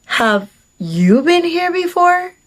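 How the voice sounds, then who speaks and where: A woman's voice: high voice, expressive, normal speed, pitched above the performer's own voice. A woman retelling the lines of an overeager, show-off man she went on a date with. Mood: pushy. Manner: pushy, keeps asking the same question.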